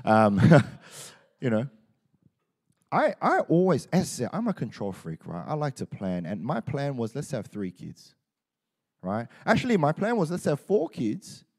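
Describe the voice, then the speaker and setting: A middle-aged Australian man preaching a sermon, telling stories in a joking, animated way. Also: mid-range voice, a little slow. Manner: animated, joking storytelling with laughs. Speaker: pastor.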